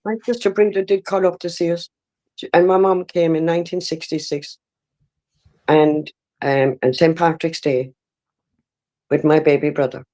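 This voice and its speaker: A woman in her sixties with an Irish accent, giving halting, emotional personal testimony in an interview and often breaking off and restarting. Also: fairly low pitch, dark tone. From Ireland. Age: 60s.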